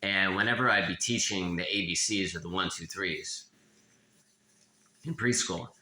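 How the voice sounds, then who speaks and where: A man giving a blunt, profane confessional monologue as an author, halting and restarting often. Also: low-pitched, sharp tone, reverberant. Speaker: author of a self-help memoir.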